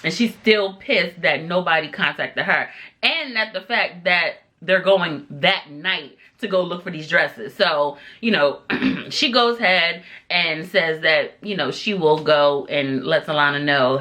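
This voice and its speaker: Young woman, casual recap vlogger: bright, chatty, animated, quotes people with lively voices. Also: sits low, a little slow. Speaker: TV episode reviewer.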